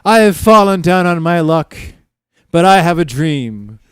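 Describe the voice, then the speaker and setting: A man's voice: on the high side, very animated, measured pace, a bit bright, smooth, no echo, studio quality, voice pushed up. A man putting on a pompous street panhandler. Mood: grandiloquent. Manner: pompous, theatrical old-fashioned phrasing. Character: grandiose down-on-his-luck street man, flowery.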